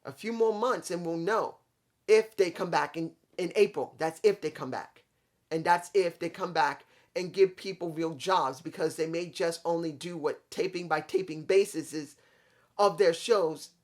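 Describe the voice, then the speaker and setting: A man's voice: a little high, moderate pace. A man giving a casual, rambling spoken review of a wrestling show, talking straight to his viewers.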